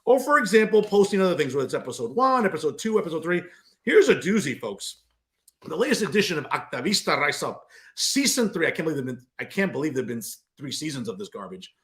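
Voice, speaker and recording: A man's voice: on the high side, very animated, fast. A man hosting a political commentary show, delivering a combative, sarcastic monologue straight to his viewers.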